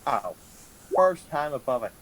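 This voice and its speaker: A player in a tabletop game, hesitant and thinking out loud. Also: mid-range voice, big pitch swings, a little slow. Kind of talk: casual tabletop play.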